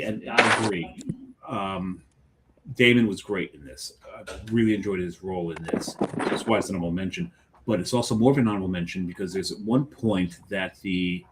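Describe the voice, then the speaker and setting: A man's voice: fairly low pitch, a little mellow, a little hiss or hum, low-quality recording. Rambling man co-hosting a podcast. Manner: rambling, trails off mid-sentence. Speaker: podcast co-host. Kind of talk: casual chat.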